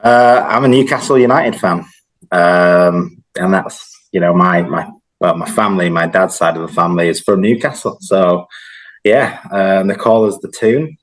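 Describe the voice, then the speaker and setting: A man in his thirties from northern England chatting casually as a guest on a video call, relaxed and rambling with plenty of fillers. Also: sits low, normal speed, poor audio. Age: 30s. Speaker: guest, host's childhood friend. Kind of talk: casual chat.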